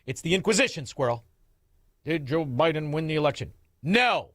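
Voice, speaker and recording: A sarcastic radio host rants at his listeners. His voice sits high and swings widely in pitch, bright and forceful. The studio sound is dry and close. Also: expressive, moderate pace, no echo. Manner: combative, sarcastic, ranting. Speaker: radio talk show host. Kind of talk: talk radio monologue.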